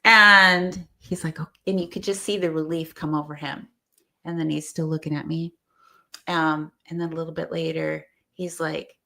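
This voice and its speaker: Low gravelly woman telling a story. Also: normal speed. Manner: animated storyteller acting out quoted voices. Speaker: guest. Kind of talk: storytelling in conversation.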